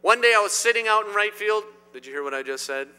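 Emphatic preacher in an echoing church. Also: male voice, high-pitched, lively intonation, fast talker, clean tone. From Indiana. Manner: emphatic, swinging between loud declarations and quiet asides. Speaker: pastor. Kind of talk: sermon. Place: church sanctuary. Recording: long hall reverb.

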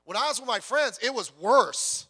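High, bright-voiced male pastor preaching. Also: moderate pace, slightly rough. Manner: lively conversational preaching, jokes and self-repeats. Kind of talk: sermon.

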